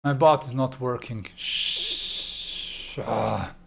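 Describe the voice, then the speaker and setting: A man's voice: mid-range voice, extremely slow, vocal fry, background noise. A man hosting an art livestream, chatting casually and muttering to himself, easily annoyed. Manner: muttering, easily annoyed, talks to himself while fixing things.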